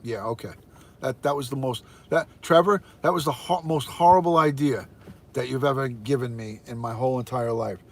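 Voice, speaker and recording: This is an older American man with a medium-pitched voice at a normal speed. He's a retired detective hosting a casual phone live stream, cheerfully welcoming viewers by name and announcing the count of people watching.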